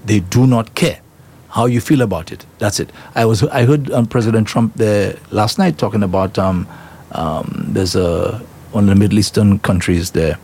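Husky host, emphatic. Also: male voice, on the low side, a little mellow. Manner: emphatic, repetitive, rhetorical questions. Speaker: talk show host. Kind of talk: opinionated current-affairs commentary.

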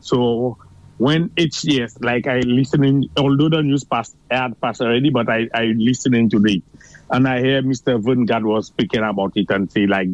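A man's voice: medium pitch, no room sound, muffled recording. A Saint Lucian man calling in to a radio show, rambling and insistent as he argues his point. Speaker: caller. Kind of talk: call-in radio talk.

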